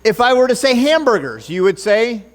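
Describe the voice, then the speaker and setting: A man's voice: very high voice, very animated, normal speed. A man preaching a sermon in church, joking and bantering with the congregation and stumbling over his notes. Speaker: pastor.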